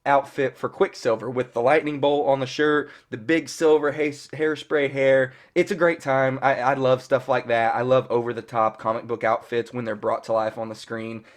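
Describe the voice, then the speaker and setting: A man's voice: mid-range voice, fairly even intonation, normal speed, hardly any pauses. A man in his thirties casually recapping a TV episode as a fan reviewer, rambling and filling his talk with "you know" and the odd curse word. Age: 30s. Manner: rambling, peppered with "you know" and mild cursing.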